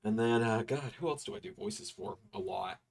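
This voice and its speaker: A man hosting a live stream, chatting casually with quick, joking asides as he reacts. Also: medium pitch, big pitch swings, vocal fry. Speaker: streamer host.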